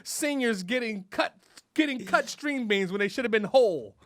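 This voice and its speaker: A man with a high, lively voice hosts a casual podcast, joking, cursing and laughing as he riffs. His voice is animated and swoops up and down. The studio sound is dry and close. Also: normal speed, dry recording. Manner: animated, profane, riffing with laughs. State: sweating. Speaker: podcast host. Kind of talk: casual comedic talk.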